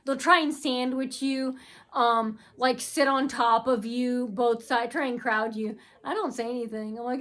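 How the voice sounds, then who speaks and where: Woman vlogging, kinda high voice, rambly and repeats herself a lot, complaining. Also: steady tone, a little slow, a bit bright. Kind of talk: rambling personal vlog.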